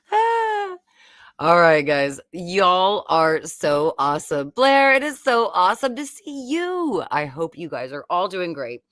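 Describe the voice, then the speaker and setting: A woman's voice: lowish voice, big pitch swings, unhurried, few pauses, fairly bright tone, no room sound, studio quality. A woman, hosting a casual, rambling live-stream chat from home. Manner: chatty and rambling. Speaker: YouTube host.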